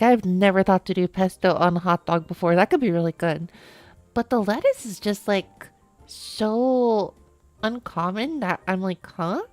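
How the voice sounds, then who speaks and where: A woman streamer talks through a casual live-stream chat, rambling from thought to thought and giggling often. Her voice sits at a middle pitch, and she keeps restarting her sentences. Faint music plays quietly behind her.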